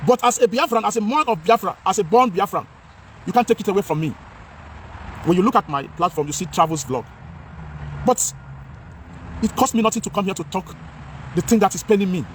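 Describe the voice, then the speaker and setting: A man's voice: high-pitched, animated, brisk, pauses often, a little hiss or hum. A Nigerian man vlogging outdoors in English mixed with Pidgin, speaking with passion and a lot of repetition. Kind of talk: outdoor talking-head vlog.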